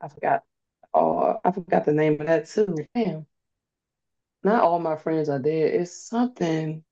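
Animated slangy young woman, lo-fi sound. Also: sits low, unhurried. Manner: animated storyteller, slangy, laughs often. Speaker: guest, host's niece. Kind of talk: casual podcast chat. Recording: dull lo-fi recording.

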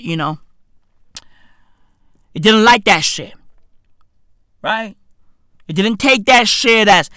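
Slow-talking man telling a sweary story. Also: high-pitched, no echo. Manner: animated, swearing, slang-heavy, repeats "bruv" and "right?". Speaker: comedic storyteller. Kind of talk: profane comedic anecdote.

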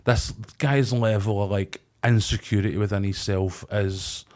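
A man's voice: fairly low pitch, steady tone, measured pace, darkish tone. A Scottish man in his forties chatting casually as a podcast co-host, telling stories and acting out quoted voices. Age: 40s. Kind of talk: casual chat.

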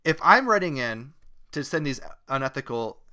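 Man, Australian accent, bright tone, podcast host, casual comedy chat, earnest rambling. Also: mid-range voice, sing-song, normal speed.

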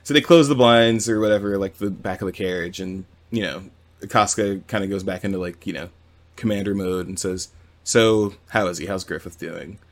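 A man's voice: low voice, brisk. A man co-hosting a podcast, casually retelling a manga chapter with swearing and acted-out quotes. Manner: animated storytelling with quoted voices and swearing. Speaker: podcast co-host. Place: home with cats nearby.

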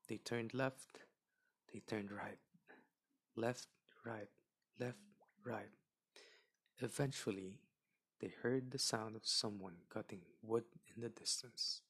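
A man reading a children's fairy tale aloud in an expressive, gentle way. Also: mid-range voice, creaky, husky. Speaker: storyteller.

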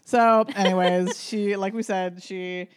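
A woman's voice: medium pitch, fairly even intonation, slow pace, background noise. A young woman co-hosting a podcast, chatting casually and swearing a lot as she rambles through a recap. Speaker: podcast co-host. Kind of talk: casual chat about films and music.

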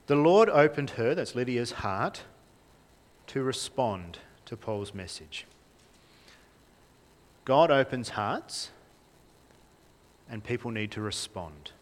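A man's voice: medium pitch, takes it slowly, pauses often. Young aussie guy preaching, voice jumps all over, big echoey hall. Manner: lively, conversational, asks the congregation questions. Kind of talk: sermon. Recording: reverberant hall.

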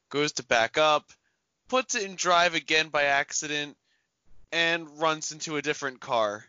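Brief: male co-host, somewhat high and bright, animated casual storyteller. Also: moderate pace, smooth, dry recording. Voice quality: animated, joking, swears lightly. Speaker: podcast co-host. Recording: dull lo-fi podcast audio.

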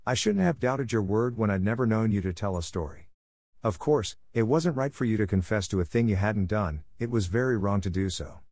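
A man voicing a stern, strict middle-aged farm woman in an audiobook, brisk and scolding. The recording is dry and close. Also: on the low side, animated, a little mellow, dry recording. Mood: firm. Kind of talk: audiobook character reading.

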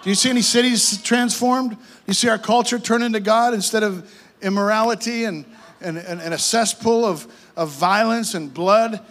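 A male pastor, preaching a fervent sermon with repeated phrases and quick restarts. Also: high voice, a bit bright.

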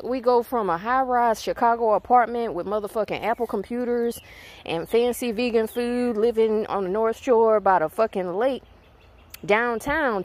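A woman with a Southern US accent ranting to her viewers, blunt, emphatic and full of profanity. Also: a little high. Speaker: spiritual channel host. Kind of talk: heated rant to viewers.

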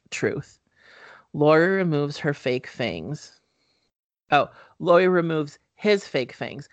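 A man's voice: mid-range voice, fairly bright tone, dry recording. A man hosting a podcast, casually recapping a horror movie with lots of fillers and offhand swearing. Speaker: podcast host.

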